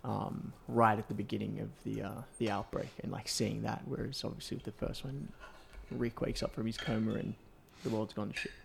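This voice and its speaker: A man's voice: lowish voice, little pitch movement, fairly quick, gravelly, few pauses, slight background noise. A man co-hosting a casual chat, rambling with lots of fillers and restarts. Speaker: podcast co-host.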